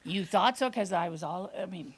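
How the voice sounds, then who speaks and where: A woman telling a tale live before an audience in a small performance space, with dry, deadpan humor and drawn-out pauses. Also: lowish voice, background noise. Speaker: storyteller.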